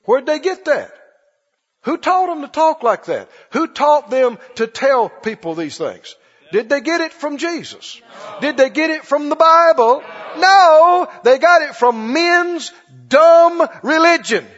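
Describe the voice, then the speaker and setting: A male preacher giving an animated, emphatic sermon, repeating lines for stress. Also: very high voice, unhurried. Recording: dull lo-fi recording with long hall reverb.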